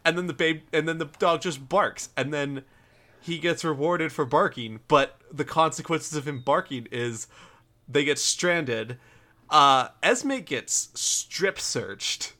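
A man's voice: on the high side, slow, bright, forceful tone. Rambling man retelling a film. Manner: rambling retelling of film scenes with put-on quotes. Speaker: podcast host. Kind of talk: casual chat.

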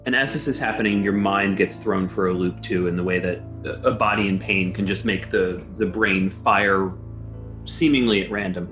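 A man with a fairly low voice narrates a tabletop horror game as its game master. He describes scenes and then hands the moment to the players with open questions. Soft music plays faintly beneath. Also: normal speed.

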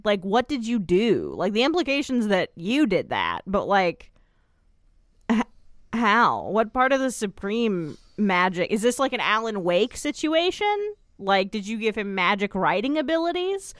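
Young woman podcast co-host, rambling and chatty, lively pitch, dry close sound. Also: measured pace, dry recording. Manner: chatty, rambling, lots of fillers and asides. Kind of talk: casual chat recapping a TV episode.

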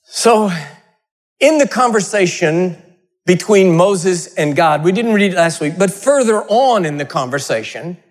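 High-voiced preacher telling jokey stories. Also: male voice, lively intonation, measured pace. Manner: humorous storytelling, conversational. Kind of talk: sermon.

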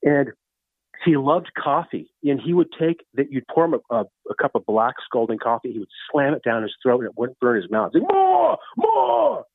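A man's voice: medium pitch, fairly quick, no room sound. A man in his fifties, a guest telling stories casually in a rambling way with many restarts. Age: 50s. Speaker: guest storyteller. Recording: tinny phone-like line.

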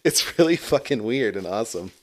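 A man's voice: medium pitch, expressive, brisk. A man co-hosting a casual podcast chat, laughing often and swearing freely. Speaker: podcast co-host.

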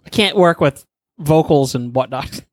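A man's voice: a little high, animated, unhurried, no room sound. A man improvising a comic story, profane and laughing as he rambles.

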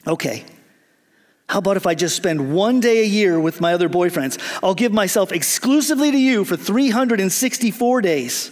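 A man's voice: high-pitched, lively intonation, moderate pace. A man voicing an eager, fickle young woman who gushes and bargains with her fiancé. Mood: bargaining. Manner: pleading, bargaining, gushing.

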